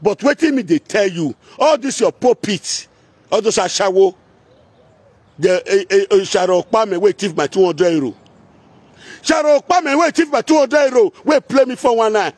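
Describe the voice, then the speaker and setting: Husky high-voiced man ranting in Pidgin. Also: animated, normal speed, a little mellow, no room sound. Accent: Nigerian Pidgin, Edo. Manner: confrontational, chanting, singsong repetitions. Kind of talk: heated rant mixing chant and speech.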